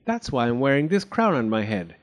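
A man voicing an imaginative, bossy young girl in a storybook reading, lifting his pitch to sound girlish. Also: very animated, a little fast, in a large hall, lightly acted. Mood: proud.

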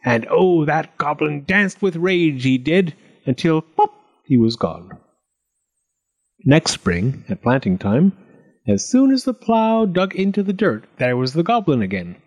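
A man reading a storybook aloud with an expressive, lilting delivery. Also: on the high side, unhurried.

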